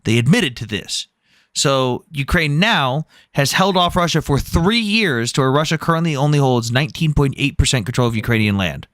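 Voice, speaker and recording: A man's voice: medium pitch, animated, normal speed, a bit bright, dry recording, studio quality. A man hosting a live debate stream, arguing bluntly, citing numbers and swearing freely. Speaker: debate livestream host.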